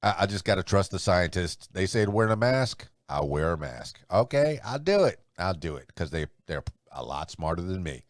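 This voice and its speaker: A man with a low voice hosts a solo podcast. He rambles and chuckles in a loose, conversational way, and his pitch moves up and down a lot. The sound is close and dry. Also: very animated, normal speed, hardly any pauses, no echo. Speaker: podcast host. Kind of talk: solo podcast commentary and news rundown.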